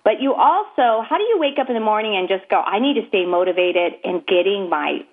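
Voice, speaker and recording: A woman co-hosting a casual chat, playful and quick with jokes. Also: mid-range voice, expressive. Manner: playful, laughs often, quick asides. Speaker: podcast co-host. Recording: tinny phone-line sound.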